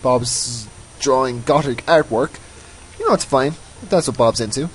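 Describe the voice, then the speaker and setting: A man's voice: medium pitch, unhurried, slight background noise, rough recording. A man giving casual, rambling commentary over his own gameplay, often mocking himself. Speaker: let's play host.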